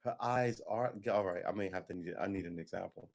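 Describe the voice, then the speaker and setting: A man's voice: deep voice, fairly quick, gravelly, few pauses, a little mellow. A man chatting casually on a home live stream, rambling and joking as he snacks, often laughing. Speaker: vlogger.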